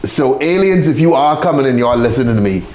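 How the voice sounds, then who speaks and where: A man hosting a casual podcast, swinging his pitch up and down as he rants loosely and swears freely. He stumbles and restarts often, and the room around him adds a clear echo. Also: quick pace, crowd noise. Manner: loose, profane and animated, with restarts. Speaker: podcast host. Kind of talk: casual chat.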